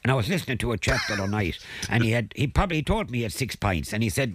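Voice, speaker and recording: A man's voice: medium pitch, big pitch swings, very fast, husky, dry recording, studio quality. An older Irish man rambling through anecdotes on a chat show, chuckling at his own jokes. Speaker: weekly guest contributor.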